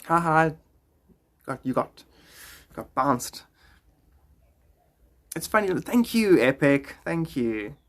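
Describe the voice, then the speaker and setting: Lively rambling male streamer. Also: on the high side, slow, long pauses. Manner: rambling, jokey, drops into silly voices. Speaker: live streamer. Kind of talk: casual live-stream chat. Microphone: phone.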